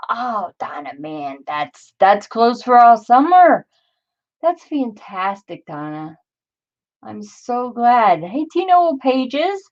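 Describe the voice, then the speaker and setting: A woman's voice: mid-range voice, gravelly, dull audio. A woman in her forties hosting a crafting livestream, chatting in a rambling way and greeting viewers by name as she reads their comments. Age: 40s. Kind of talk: casual live-stream chat.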